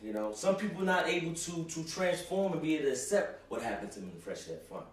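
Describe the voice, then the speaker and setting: A man's voice: a little high, sing-song, fast. Man ranting from far in an echoey room. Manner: rambling, full of "you know", repeats himself. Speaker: host. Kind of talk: comic rant to camera.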